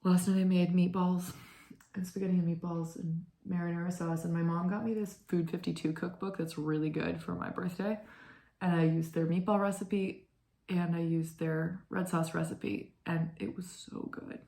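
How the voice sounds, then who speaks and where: Low creaky-voiced young woman rambling. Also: fairly even intonation, normal speed, mellow. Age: 20s. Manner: rambling, lots of fillers and "like". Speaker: knitting podcast host. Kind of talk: casual chat.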